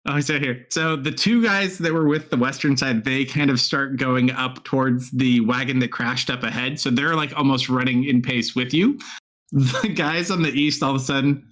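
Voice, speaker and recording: Male game master, mid-pitched, easygoing, narrating with frequent laughs. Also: normal speed. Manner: relaxed, laughs often while narrating.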